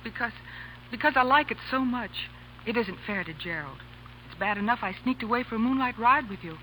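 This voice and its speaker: Anxious young ward, bright, pleading, faint radio hiss. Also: female voice, fairly high pitch, lively intonation, fairly quick, rough recording. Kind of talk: 1930s radio drama. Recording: hissy old radio broadcast.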